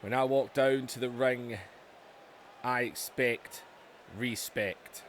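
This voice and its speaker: A man's voice: mid-range voice, steady tone, slow pace, a little hiss or hum, natural voice. A man voicing a proud, fed-up female wrestler cutting a firm challenge promo, in his own plain voice with no accent. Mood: defiant.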